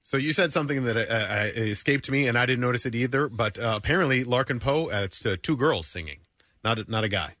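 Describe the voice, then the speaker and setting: Man, radio co-host, fast talker, rambling, dry close recording. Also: mid-range voice, expressive, a bit bright, dry recording. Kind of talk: casual radio banter.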